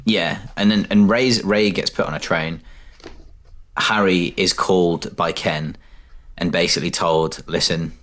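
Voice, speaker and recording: Speaking low and a bit slowly, this male podcast co-host chats casually while vividly recounting movie scenes and performing lines from them.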